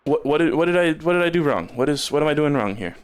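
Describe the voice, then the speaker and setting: A man's voice: a little high, expressive, quick pace, smooth. A man streaming a game, rambling in casual commentary and stumbling over repeated words when he gets stuck.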